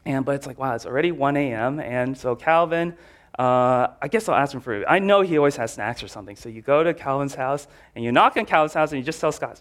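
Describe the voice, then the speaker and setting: A man's voice: medium pitch, lively intonation, fast, a bit bright. A man preaching a casual sermon, telling stories in a chatty way with lots of filler words.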